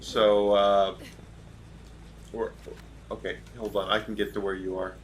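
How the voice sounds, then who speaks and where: A man's voice: fairly low pitch, flat delivery, measured pace, slight background noise. A man from Georgia streaming a game, telling a long story in a casual, rambling way and going off on tangents. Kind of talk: casual storytelling while gaming.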